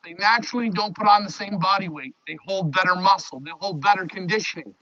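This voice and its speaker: Loud, bright-voiced man at his pigeon loft. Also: high voice, quick pace, dry recording. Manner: loud, talks to his birds. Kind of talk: live stream walkthrough. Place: pigeon loft, outdoors nearby. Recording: dull lo-fi stream audio.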